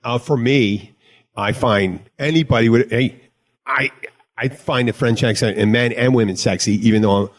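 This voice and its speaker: Male podcast host, mid-pitched, loose and jokey, wanders off mid-sentence. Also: normal speed. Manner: rambling, jokey, self-interrupting. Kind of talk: casual chat.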